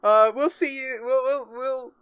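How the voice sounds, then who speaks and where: A man's voice: extremely high pitch, steady tone, unhurried, a bit bright, smooth, no room sound. A man co-hosting a podcast, rambling in casual chat and laughing often. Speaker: podcast co-host.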